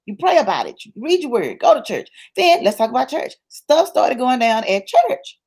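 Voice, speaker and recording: A woman's voice: fairly high pitch, huge pitch swings, moderate pace, darkish tone, slightly rough. A woman guest in an interview, telling a personal story in a colloquial, church-rooted way, emphatic and repetitive as she builds her points. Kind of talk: personal testimony in conversation.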